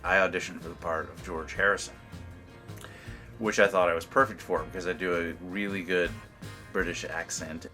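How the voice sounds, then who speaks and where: Deep-voiced man telling a story. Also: moderate pace, soft background music. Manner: animated storytelling with laughs. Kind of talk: comic anecdote.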